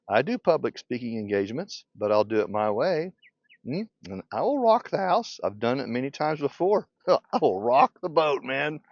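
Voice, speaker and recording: A man's voice: mid-range voice, a little mellow, no room sound. An older man, a beekeeping teacher, delivering a passionate unscripted rant. He is blunt and provocative and laughs often. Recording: dull lo-fi recording.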